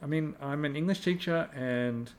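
A man's voice: fairly high pitch, normal speed. A middle-aged man, an English teacher chatting casually and rambling through stories. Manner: rambling, animated when retelling conversations. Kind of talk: casual chat.

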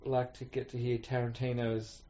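A man's voice: medium pitch, monotone, normal speed, dark tone. A man chatting casually as co-host, rambling and acting out quoted voices. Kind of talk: casual chat. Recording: muffled lo-fi recording.

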